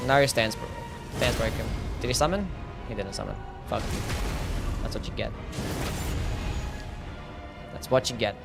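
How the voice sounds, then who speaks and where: A man's voice: mid-range voice, a little slow, gravelly, pauses often, over music. A man streaming live gameplay, ranting and swearing as he plays. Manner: frustrated, ranting, swears often.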